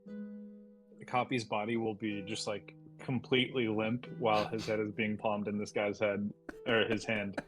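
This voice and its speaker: A man's voice: fairly low pitch, flat delivery, unhurried, a bit bright, faint music behind, rough recording. A man playing in a tabletop game, describing his actions hesitantly with many fillers. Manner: hesitant, full of likes and ums. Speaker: player.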